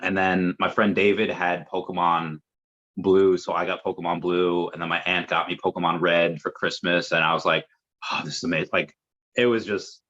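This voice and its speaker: Guest: low-voiced man, rambly chatty delivery, dull lo-fi audio. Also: level tone, moderate pace, fairly bright tone. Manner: rambling, chatty, with many fillers. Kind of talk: casual conversation. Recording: muffled lo-fi audio.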